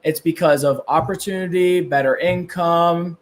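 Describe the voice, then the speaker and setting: A man's voice: fairly high pitch, fairly even intonation, moderate pace. A man hosting a live stream, arguing in a chatty way and filling his talk with "like" and "right?". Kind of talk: casual heated debate.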